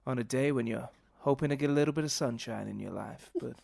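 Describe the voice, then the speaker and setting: A man voicing a fussy, long-winded man in a deliberately bad, over-theatrical Southern American accent. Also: mid-range voice, gravelly, darkish tone, dry recording, clean studio sound. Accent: put-on Southern American. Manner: rambling, over-theatrical stage delivery.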